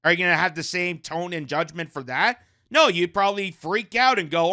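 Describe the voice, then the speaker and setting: A man with a fairly high, bright, smooth voice delivers casual news commentary. He keeps a sarcastic edge and slips into mocking voices of the people he criticizes. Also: lively intonation, normal speed. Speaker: commentary host.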